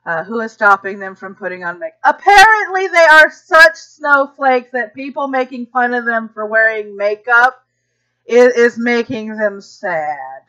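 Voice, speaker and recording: A woman's voice: fairly high pitch, animated, measured pace, sharp tone, dull audio. A woman from Georgia hosting a casual livestream chat, chatty and laughing often. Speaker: podcast host.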